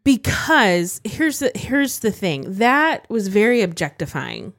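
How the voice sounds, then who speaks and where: A woman's voice: mid-range voice, big pitch swings, takes it slowly, a bit bright, no echo, studio quality. A woman co-hosting a casual talk show, speaking frankly and emphatically with strong opinions. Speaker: podcast co-host. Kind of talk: casual chat.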